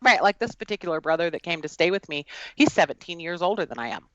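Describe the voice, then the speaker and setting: A woman telling a personal story in an earnest, halting way, with frequent fillers. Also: lowish voice, big pitch swings, fairly bright tone, dry recording, lo-fi sound. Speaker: guest. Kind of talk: personal storytelling in a podcast conversation.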